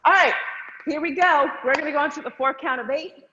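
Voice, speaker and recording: Her high-pitched voice moves fairly quickly as she teaches a virtual hip hop dance class from a room, calling out the counts with upbeat energy. The sound is lo-fi, muffled and echoey, carrying a faint hiss.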